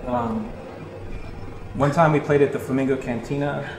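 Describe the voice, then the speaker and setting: A man telling a rambling tour story in casual chat, animated, swearing freely and laughing as he talks. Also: mid-range voice, normal speed. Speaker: interview guest, touring musician. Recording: echoey room.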